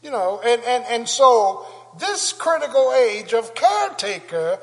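An older male pastor preaching a sermon with call-and-response, building to shouts. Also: very high-pitched, sing-song, a little slow. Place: church sanctuary. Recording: long church reverb.

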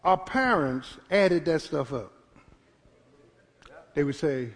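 Animated high-pitched preacher in a hall. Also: male voice, slow. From Philadelphia. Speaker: pastor. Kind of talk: sermon. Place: church sanctuary. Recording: church hall reverb.

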